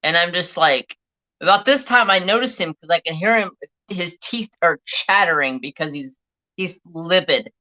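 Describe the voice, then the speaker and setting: A woman's voice: fairly low pitch, lively intonation, moderate pace, bright, forceful tone. A middle-aged woman hosting a live stream, telling a rambling, profane story in a blunt, casual way while answering chat. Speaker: livestream host. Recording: dull lo-fi stream audio.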